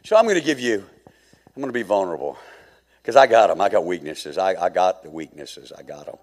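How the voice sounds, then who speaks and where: A middle-aged male pastor preaching a sermon, swinging from hushed asides to fervent shouting. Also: low-pitched, lively intonation, brisk, long reverb tail.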